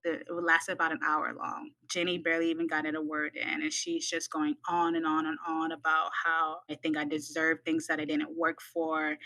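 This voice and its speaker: Bright-voiced woman telling a story. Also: low voice, poor audio. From United States. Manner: animated, acts out quoted voices. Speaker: midwifery student. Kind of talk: personal storytelling in a podcast.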